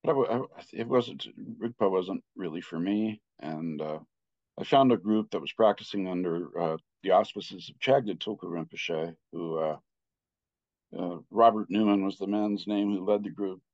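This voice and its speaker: A man in his sixties, a Buddhist teacher, telling a personal story in a halting way with many restarts. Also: deep voice, a little mellow, no echo. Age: 60s. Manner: halting, with frequent restarts and filler. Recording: slightly muffled dry recording.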